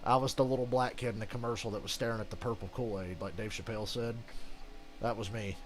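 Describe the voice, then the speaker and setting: A man's voice: lowish voice, steady tone, fast. A man giving casual, rambling gameplay commentary as a channel host, ranting and swearing freely.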